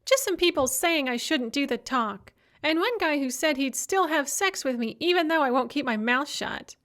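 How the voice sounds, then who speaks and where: Brief: woman reader plays a high, whiny, condescending young woman in an audiobook, voice swooping all over. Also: expressive, normal speed, fairly bright tone. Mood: scornful. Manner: condescending, complaining. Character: supercilious, self-absorbed young woman activist.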